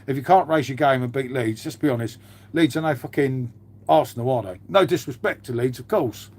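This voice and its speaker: A man's voice: medium pitch, a little fast. A man, host of his own livestream, chatting casually and swearing freely. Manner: blokey, swears freely, says "mate" a lot.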